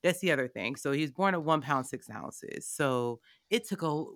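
A woman in her thirties, a board member, telling her family's story in an emphatic, animated way with pointed asides to the listener. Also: low-pitched, normal speed, dry recording. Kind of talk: personal storytelling in a conversation.

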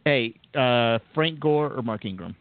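A man's voice: mid-range voice, expressive, measured pace, no room sound. A man co-hosting a podcast in casual chat, teasing and often laughing. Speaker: podcast co-host. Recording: tinny phone-like sound.

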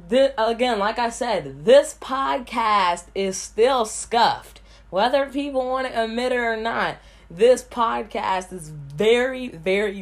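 A woman hosting a solo podcast in casual, blunt talk, rambling and repeating words as she goes. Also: mid-range voice. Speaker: podcast host.

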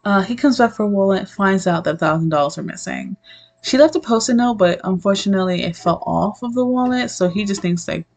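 Excitable young woman recapping a webtoon. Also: medium pitch, low-quality recording. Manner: excitable, profane, acts out characters' lines in quick asides. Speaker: book reviewer. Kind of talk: casual chat, recapping a webtoon.

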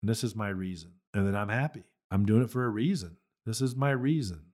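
A man's voice: fairly low pitch, brisk, a little mellow. A man who raises beef cattle, hosting a podcast and talking bluntly and emphatically about marketing with folksy conviction. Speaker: cattle farmer and podcast host. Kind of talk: motivational podcast talk.

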